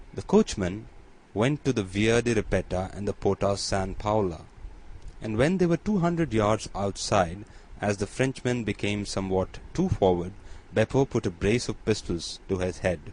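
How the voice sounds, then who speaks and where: Man, audiobook narrator, low-pitched, steady, even delivery. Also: rough recording.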